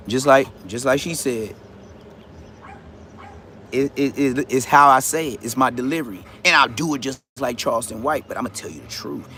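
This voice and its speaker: A man ranting on a livestream in a loud, combative way, with heavy profane street slang. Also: mid-range voice, a little hiss or hum. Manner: loud, swooping, combative delivery. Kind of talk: heated livestream rant.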